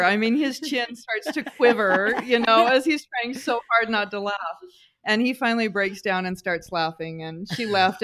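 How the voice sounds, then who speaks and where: A woman's voice: on the high side, a bit bright. A middle-aged woman co-hosting a podcast, telling family stories in a casual chat, with frequent fillers and restarts. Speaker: podcast co-host.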